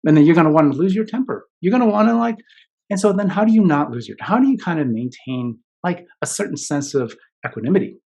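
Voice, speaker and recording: A man's voice: a little high, animated, fast, creaky, darkish tone. A man giving a keynote talk in a conversational way, often tagging his points with "right?" and "you know?". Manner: conversational, many fillers and "right?" tags. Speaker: keynote speaker.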